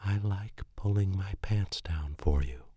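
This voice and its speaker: Mann spricht eine schüchterne junge Frau. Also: male voice, mid-range voice, sing-song, slow, no echo, voice pushed up, heavily acted. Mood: shy. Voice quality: hesitant, soft and breathy. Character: shy reluctant young woman.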